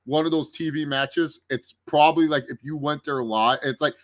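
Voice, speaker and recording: A man chatting casually as a guest on a wrestling review show, rambling and excitable, often repeating words. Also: on the high side, moderate pace, no room sound, studio quality. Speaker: guest commentator. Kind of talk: casual chat.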